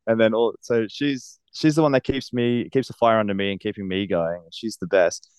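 A man's voice: fairly low pitch, fairly even intonation, normal speed, darkish tone, clean tone, no echo. A man, a professional wrestler speaking earnestly in a casual interview and laughing often.

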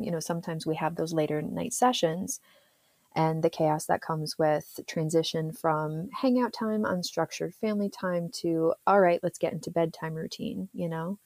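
A woman in her thirties talks through her work life in a relaxed, rambling way, full of "um"s and little laughs. Her voice sits a bit low, and the recording is close and dry, with no room sound. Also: moderate pace, no room sound. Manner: chatty, laughs often, many fillers. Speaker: therapist, podcast guest. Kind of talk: casual interview chat.

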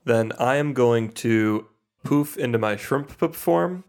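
A man's voice: medium pitch, takes it slowly, a little mellow. A man playing a tabletop game, describing his moves in jokey detail. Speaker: player. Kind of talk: casual tabletop play.

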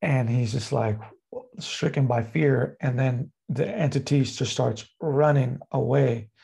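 Man, podcast guest, gravelly voice, rambling casual storytelling, lots of fillers. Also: mid-range voice, slow pace, mellow. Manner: rambling, heavy use of fillers like "like" and "uh".

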